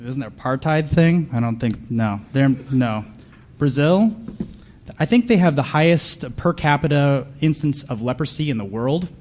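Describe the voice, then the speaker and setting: A man giving a comedic conference talk, deadpan and sarcastic, bantering with the audience from the stage. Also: medium pitch, moderate pace, slight background noise. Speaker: conference speaker.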